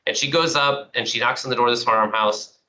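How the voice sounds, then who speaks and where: Male podcast host, mid-pitched and very sharp-toned, a lively storyteller who acts out the people he quotes. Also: brisk, rough recording. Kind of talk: casual conversation.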